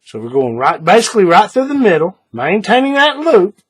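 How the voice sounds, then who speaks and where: A man with a higher, animated voice and a husky edge walks a viewer through a craft tutorial. He is patient and repeats each step, often pausing to check the viewer is following. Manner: patient, repeats steps, checks in with "all right?". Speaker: paracord bracelet instructor.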